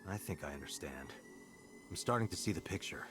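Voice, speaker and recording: A man's voice: sits low, lively intonation, brisk. An actor playing a laid-back adult male detective in a video game who makes wry, teasing remarks. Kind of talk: game voice acting. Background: game music.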